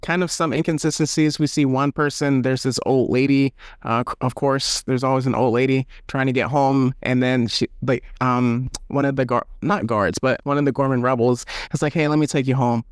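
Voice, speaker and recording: A man's voice: mid-range voice, moderate pace, few pauses, clear, resonant tone, dry recording, studio quality. A podcast host casually recapping a show and acting out lines of dialogue as he goes, laughing along the way. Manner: animated retelling with acted quotes and laughs. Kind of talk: casual review chat.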